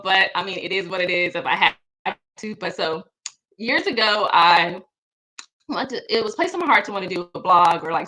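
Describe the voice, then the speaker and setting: A woman's voice: medium pitch, sharp tone. A woman guest author telling a personal story casually, speaking to the audience about overcoming perfectionism. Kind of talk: personal testimony talk.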